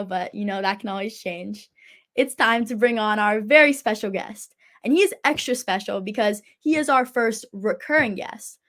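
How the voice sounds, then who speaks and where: A teenage girl hosting a casual sports talk show, chatty and enthusiastic. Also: a little high. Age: teens. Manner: chatty and enthusiastic, laughs often. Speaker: host.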